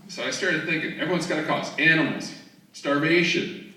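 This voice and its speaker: Brief: male stand-up comic, sarcastic and chatty, bright voice, recorded from afar in an echoey theater. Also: fairly high pitch, fairly even intonation, normal speed. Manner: sarcastic, conversational. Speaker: stand-up comedian. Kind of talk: stand-up comedy set. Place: theater stage. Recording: roomy, distant audience recording.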